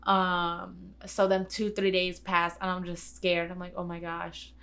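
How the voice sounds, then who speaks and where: A woman's voice: lowish voice, level tone, unhurried, fairly bright tone. A young woman giving a personal testimonial in a casual way, filling her talk with "like" and acting out what others said to her. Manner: casual, uses many "like" fillers; relives scenes by acting out quoted dialogue. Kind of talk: personal storytelling.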